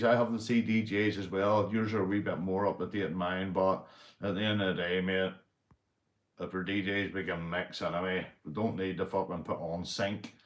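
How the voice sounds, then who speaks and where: A man's voice: mid-range voice, roomy sound. A man with a Northern Irish Belfast accent, hosting a casual livestream, rambling and swearing as he greets viewers in the chat. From Northern Ireland. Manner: rambling, swears a lot, says mate and big up constantly. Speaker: livestream host.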